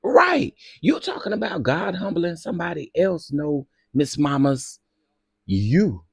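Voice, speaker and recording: Sassy man with a gravelly voice. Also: on the high side, lively intonation, a little slow, no echo, studio quality. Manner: sassy, dramatic, bursts into loud laughter. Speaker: gossip commentary host. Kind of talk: casual commentary.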